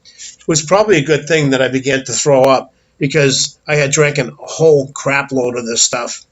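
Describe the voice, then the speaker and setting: A man's voice: mid-range voice, moderate pace, slight background noise, low-quality recording. A man telling a childhood story in a casual, candid, blunt way, with some swearing and small stumbles.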